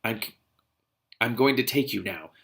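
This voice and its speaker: A domineering young lover, low-pitched and gravelly, speaking softly and close, as a man reads him aloud. The delivery stays murmured and restrained rather than showy, close to the reader's own voice. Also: lively intonation, moderate pace.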